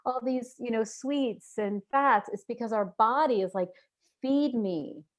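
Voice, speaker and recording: In a casual interview, an earnest, thoughtful woman guest speaks at a moderate pace. She acts out inner voices by suddenly jumping in pitch.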